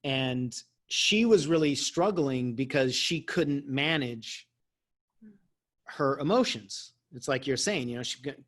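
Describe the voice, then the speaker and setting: A man's voice: medium pitch, animated, takes it slowly, a bit bright. A man who works as a life coach, telling a story in a casual, self-mocking way and laughing often.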